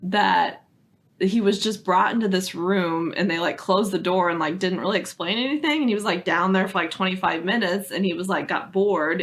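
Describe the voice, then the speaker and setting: A young woman co-hosting a podcast, telling a story in casual chat with lots of filler words. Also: fairly low pitch. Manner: chatty storytelling, many "like" fillers. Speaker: podcast co-host.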